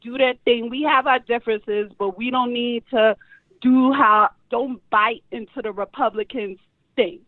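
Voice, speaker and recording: A woman's voice: on the high side, steady tone, measured pace, no room sound. A woman with a New York accent calling in to a talk show, blunt and teasing in casual chat. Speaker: caller. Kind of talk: casual phone call-in chat. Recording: muffled phone-line audio, dry.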